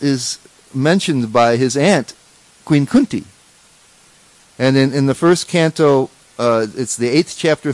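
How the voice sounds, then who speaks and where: A man's voice: a little high, dry recording, low-quality recording. A man giving a conversational scripture class as a spiritual teacher, often restarting sentences and checking in with rhetorical questions.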